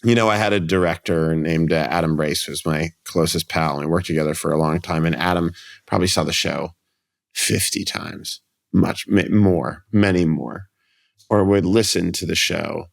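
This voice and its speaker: A man guest on a podcast, telling stories in a rambling casual way with quick restarts and acted-out quotes. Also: sits low, creaky. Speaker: comedian guest.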